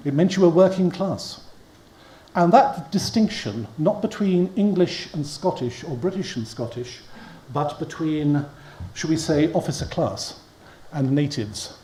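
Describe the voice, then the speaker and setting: A man's voice: on the high side, dark tone. A man giving a history lecture to an audience, wry and prone to chuckling at his own asides. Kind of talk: public lecture. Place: lecture hall. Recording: echoey hall with faint hum.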